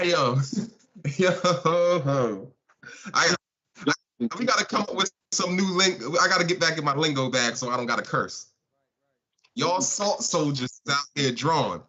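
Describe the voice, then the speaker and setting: Bright-voiced man hosting a live stream. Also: a little high. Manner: animated, laughing, mocking chat. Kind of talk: casual live stream talk. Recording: dull lo-fi stream audio.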